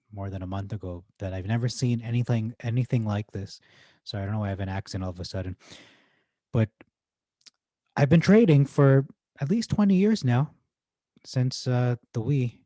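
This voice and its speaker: Male host in his thirties, rambling stock-talk commentator, warm mellow voice, dry close sound. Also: medium pitch, dry recording. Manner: excitable, rambling, self-correcting. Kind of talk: casual stock commentary reading forum posts.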